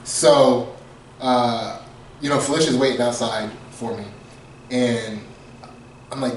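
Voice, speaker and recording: A man's voice: medium pitch, fairly even intonation, measured pace, pauses often, slight background noise. A man co-hosting a podcast, telling a comedic story casually, laughing often and acting out quotes. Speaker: podcast co-host. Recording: echoey room, far from mic.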